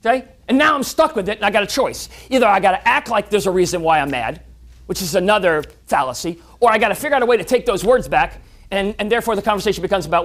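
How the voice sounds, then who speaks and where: At a club meeting, a fast-talking speaker with a medium-pitched voice gives an animated motivational talk. They tell stories and often repeat words when restarting sentences.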